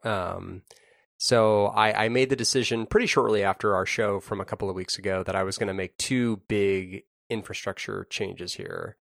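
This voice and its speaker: Low, gravelly man, wry podcast co-host. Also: fairly even intonation, normal speed, fairly bright tone, no room sound. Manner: dry, wry humor, stammering starts. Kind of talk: casual chat. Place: home. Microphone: laptop recording setup.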